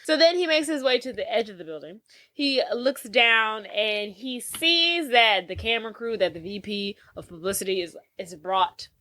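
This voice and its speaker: A woman's voice: fairly high pitch, moderate pace. A woman co-hosting a podcast, retelling a movie in casual chat and acting out the characters' lines. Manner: animated retelling with acted-out quotes. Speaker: podcast co-host.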